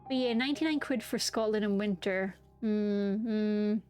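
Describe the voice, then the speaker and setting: A woman's voice: medium pitch, moderate pace, darkish tone. A young woman chatting casually with her viewers, bubbly and giggly. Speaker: streamer. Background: background music.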